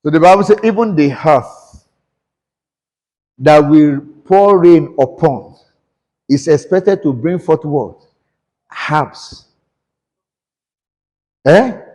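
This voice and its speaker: Pastor preaching in an echoing hall. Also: male voice, on the high side, slow, long pauses, a little mellow. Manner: preaches with call-and-response questions to the congregation; switches between English and Yoruba. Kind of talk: sermon.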